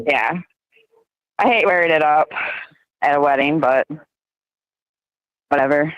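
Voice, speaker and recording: A woman's voice: sits low, expressive, slow pace, dry recording. A woman giggling through a casual phone chat, poking fun at herself. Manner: giggly, self-deprecating. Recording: lo-fi phone recording.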